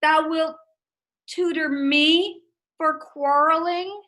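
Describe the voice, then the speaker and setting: A woman playing Mercutio in a Shakespeare reading, delivering the verse in an animated, mocking way. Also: high voice, slow, exaggerated voice. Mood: teasing. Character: witty, quarrel-mocking young male Mercutio. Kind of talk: Shakespeare reading over a video call.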